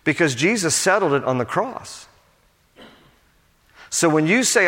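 Preaching man with a higher voice. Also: very animated, a little slow, pauses often. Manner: impassioned preaching that turns hushed and pastoral. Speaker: pastor. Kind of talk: sermon. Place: church sanctuary with a congregation. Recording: long church hall reverb.

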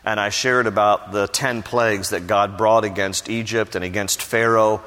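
Here a male pastor's lowish voice sounds pushed and bright as he preaches. His sermon is full of stories, and he acts out the voices of the people he quotes, heard in the long reverb of a large hall.

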